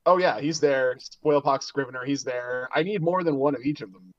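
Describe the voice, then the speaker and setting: A man guesting on a casual hobby podcast, relaxed and enthusiastic, laughing easily. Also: mid-range voice, moderate pace, dry recording, muffled recording.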